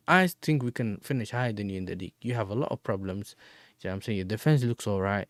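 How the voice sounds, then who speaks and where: A man's voice: on the low side, animated, fast talker, no echo, studio quality. A man hosting a football fan livestream, bantering in slang and answering chat messages. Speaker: football fan channel host.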